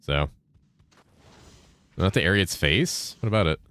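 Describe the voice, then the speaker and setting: A man in his thirties with a remarkably deep, low voice talks loosely with his stream chat, cursing offhandedly between topics. He speaks in a deliberate, clearly enunciated voice with a slightly raised inflection. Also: lively intonation, fairly bright tone, no echo. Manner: laid-back, profane, reads and answers chat while playing. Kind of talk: casual gaming livestream chat.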